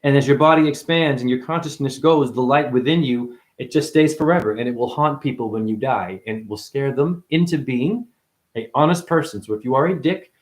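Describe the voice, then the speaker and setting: A man hosts a livestream and delivers a meandering spiritual sermon, swearing freely. His voice sits at an ordinary male pitch but keeps jumping into sudden high, loud exclamations. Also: brisk. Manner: profane, rambling, preachy. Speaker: livestream host. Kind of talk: rambling spiritual livestream monologue.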